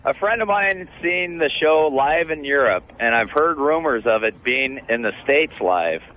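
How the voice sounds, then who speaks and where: A man calling in to a radio show, asking a question slowly and hesitantly. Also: fairly high pitch, lively intonation. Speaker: caller. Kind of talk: phone-in question. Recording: dull lo-fi phone line.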